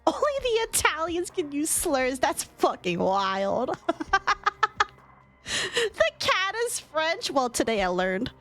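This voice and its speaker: A giggly young woman streamer talking casually and swearing freely. Her voice sits high and swoops widely, yet she talks at an unhurried pace. Soft music plays faintly behind her. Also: huge pitch swings. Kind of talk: reading a game story aloud on stream.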